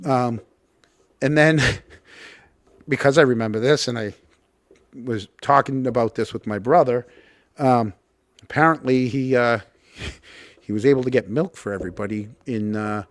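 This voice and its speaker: A man's voice: medium pitch, a little slow, pauses often, no room sound, clean studio sound. A man hosting a podcast in casual chat, telling rambling stories and laughing often. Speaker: podcast host.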